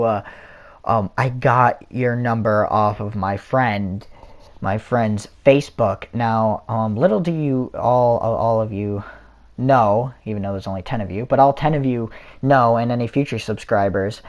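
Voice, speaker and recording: A young man rambles through a story for his vlog in a slightly slow, mid-range voice, full of fillers and restarts. He's recorded on a console or headset mic.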